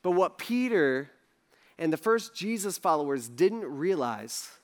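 Chatty high-voiced young man preaching. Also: sing-song, unhurried. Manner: chatty, acts out characters in quotes, lots of fillers. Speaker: pastor. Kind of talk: casual sermon storytelling.

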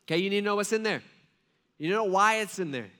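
A man's voice: high-pitched, lively intonation, fast, bright, forceful tone. A man preaching a sermon as a pastor, telling a story in a casual, joking way with many asides.

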